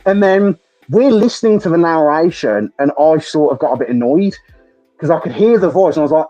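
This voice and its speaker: A British man hosting a podcast, chatting excitably with lots of laughter and swearing. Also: a little high, a little fast, muffled recording, faint music behind. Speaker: podcast host. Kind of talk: casual chat.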